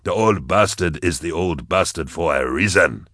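A man's voice: deep voice, expressive, normal speed, fairly bright tone, dry recording, studio quality. A man voicing a sneering, short-tempered mobster boss who snaps at his crew. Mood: contemptuous. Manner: snapping, contemptuous.

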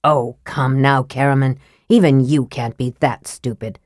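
A woman's voice: fairly even intonation, unhurried, no room sound, studio quality. Raistlin, a woman doing a cold scornful mage. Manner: cold, scathing, soft and low. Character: cold, sickly young male mage, scornful.

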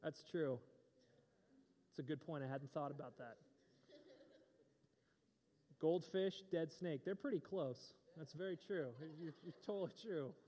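Young male pastor, chatty and joking from the pulpit, a touch high-voiced, long hall echo. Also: unhurried, long pauses, dark tone. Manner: joking, conversational, playful asides. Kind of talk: casual sermon.

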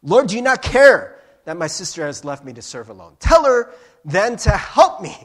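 A man voicing an exasperated woman hostess who yells in frustration, in a shrill and loud voice. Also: very animated, normal speed, full character voice. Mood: yelling.

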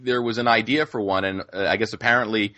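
Lowish halting man, dry sound. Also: fairly even intonation, pushed and bright, dry recording, dull audio. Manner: halting, many restarts and fillers. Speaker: podcast co-host. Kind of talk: casual film discussion.

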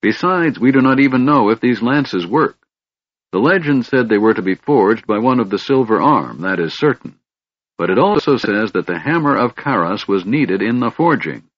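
A man's voice: mid-range voice, expressive, moderate pace, breathy edge, dry recording. A man reading an audiobook, voicing a cold, haughty male elf leader with an aloof manner, in a dull lo-fi recording.

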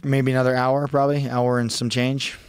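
A man's voice: medium pitch, little pitch movement, moderate pace, smooth. A man with a mid-range voice tells a gripping story, profane, blunt and urgent. His voice jumps up sharply when the tension peaks. The recording is dry and close, with no room echo. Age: adult with a young child. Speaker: podcast guest. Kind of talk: intense storytelling in a long-form podcast.

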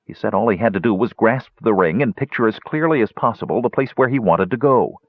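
A man voicing an earnest young woman, raised high. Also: expressive, a little fast, breathy edge, no room sound. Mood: matter-of-fact. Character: young female elf, earnest and quick. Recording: dull, dry lo-fi recording.

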